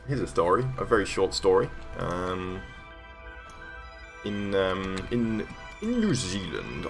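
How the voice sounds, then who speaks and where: Low-voiced rambling man over music. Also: big pitch swings, a little slow, a bit bright. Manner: rambling storyteller, many ums and self-corrections. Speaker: streamer. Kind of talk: casual livestream chat while building a game level. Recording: streamed voice over background music. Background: background music.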